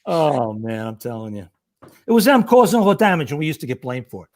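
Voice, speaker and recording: An older man with a New York accent, a retired fire lieutenant telling stories as a podcast guest, animated and rambling, acting out the voices of the people he quotes. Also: a little high, fast, a little hiss or hum. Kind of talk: casual storytelling chat.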